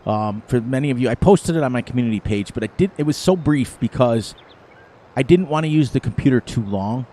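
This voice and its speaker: A man's voice: mid-range voice, expressive, a little fast, mellow. A middle-aged man hosting a gaming channel, chatting casually over gameplay and telling rambling stories with frequent laughter.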